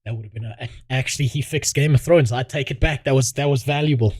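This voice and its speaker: A man's voice: mid-range voice, quick pace, slight background noise. A man streaming and reacting to videos in casual commentary, swearing heavily and mocking himself. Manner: crude, heavy swearing, self-mocking.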